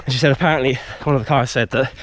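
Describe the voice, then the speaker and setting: His mid-range voice races along, and faint hiss or hum sits under the recording. Out in a wood vlogging, a bit out of breath from running, he tells a story in a loose, animated way with frequent fillers.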